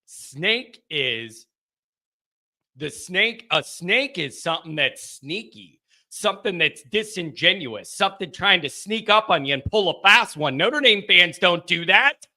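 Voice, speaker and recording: A high, very bright male voice that tends to shout its punchlines. He hosts a live fan stream with a rowdy, excitable, joking manner, and he riffs on viewer comments. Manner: rowdy and excitable, jokey, shouts bits for effect. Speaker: host of a fan call-in show.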